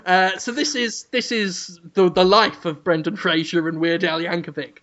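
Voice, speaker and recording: A man's voice: high voice, fairly even intonation, moderate pace, fairly bright tone, lo-fi sound, slight background noise. A man hosting a comedy podcast, riffing with giggles and stammered restarts. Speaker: podcast host.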